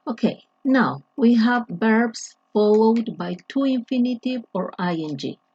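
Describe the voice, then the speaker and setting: Slow, careful woman teaching English. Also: fairly high pitch, animated, a little mellow, breathy edge, dry recording. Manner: slow, deliberate, with frequent restarts and fillers. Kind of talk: grammar lesson explanation. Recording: dull lo-fi, dry sound.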